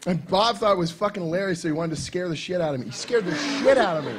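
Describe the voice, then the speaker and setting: Animated, profane male storyteller. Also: high voice, fast, background noise. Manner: animated, profane, laughing through his anecdote. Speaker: comics writer on a convention panel. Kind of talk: casual storytelling on a panel.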